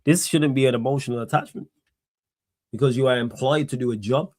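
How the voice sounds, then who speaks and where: A man's voice: mid-range voice, steady tone, a little fast, darkish tone, no echo, studio quality. A young man hosting a solo sports live stream, blunt and sarcastic, hammering his points with repetition and swearing. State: tired. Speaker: streamer host.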